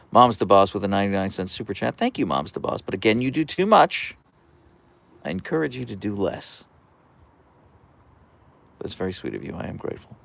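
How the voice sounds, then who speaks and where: A man hosting a casual livestream, reading viewer comments aloud in a calm, soft-spoken voice with a radio-like quality. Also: on the low side, brisk, gravelly, pauses often. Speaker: livestream host. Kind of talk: casual live-stream chat reading comments.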